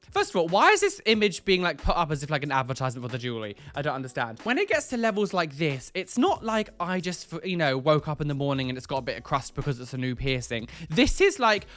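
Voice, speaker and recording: A man hosting a casual reaction video, talking in an animated, exclamatory way that jumps into squealing highs. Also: fast talker, faint music behind.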